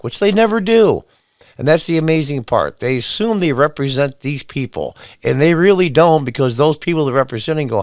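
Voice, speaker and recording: A man's voice: a little high, animated, brisk, no room sound, clean studio sound. A man hosting an opinion commentary show, sarcastic, blunt and exasperated, reading quotes aloud and firing back at them. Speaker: podcast host.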